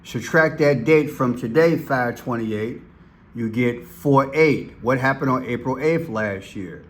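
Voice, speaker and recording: A man hosting commentary over played clips, talking slowly and deliberately and hammering single words by repeating them. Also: medium pitch. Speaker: commentary channel host.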